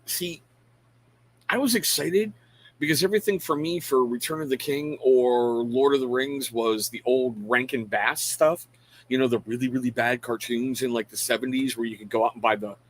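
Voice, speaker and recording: Middle-aged guy hosting a live stream, chatty and rambling, shouts out viewers by name, pokes fun at himself. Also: medium pitch, moderate pace, low-quality recording. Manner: frank, self-deprecating. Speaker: live show host. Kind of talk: casual live-stream chat.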